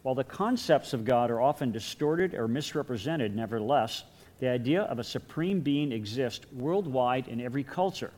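A man's voice: medium pitch, expressive, normal speed, darkish tone. A man teaching a Bible class in a conversational lecture, with repeated words and light chuckles.

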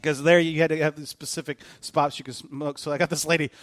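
Male pastor, sermon, animated storyteller with jokes, a touch higher voice, dry. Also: fast, no room sound. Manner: animated storytelling, jokey asides.

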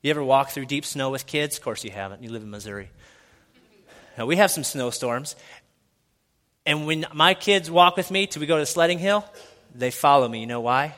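A pastor preaching a sermon in a church, swinging from hushed, intimate lines to loud, excited shouting. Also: male voice, on the high side, a little fast, long pauses, long reverb tail. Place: church sanctuary.

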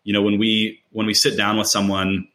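A man with a bright, forceful voice on the low side talks casually in a rambling way. He restarts often and fills with "you know". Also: completely flat delivery, moderate pace. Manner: rambling, many fillers and restarts. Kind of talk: casual conversation.

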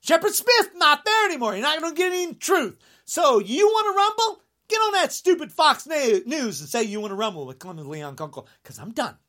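A vlogger in his sixties delivers an angry rant to camera, indignant and full of mocking sarcasm. He swings between shouted jabs and low muttering.

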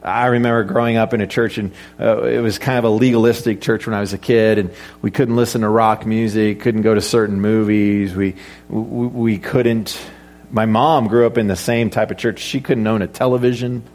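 A man's voice: lowish voice, fairly even intonation, normal speed, darkish tone. Man preaching a conversational sermon. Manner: conversational, joking asides, rhetorical questions. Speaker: pastor.

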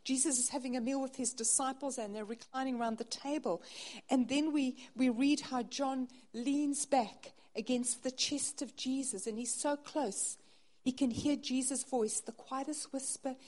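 A woman preaching a sermon in an earnest way, her voice dropping soft on tender phrases. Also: high-pitched, fairly even intonation, normal speed. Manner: earnest, softening to near-hush on intimate phrases.

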